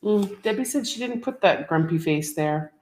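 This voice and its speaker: A woman's voice: medium pitch, expressive, normal speed, a little mellow. A middle-aged woman co-hosting a livestream, chatting casually and reading out viewer comments. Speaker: co-host of a livestream show. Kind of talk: casual chat.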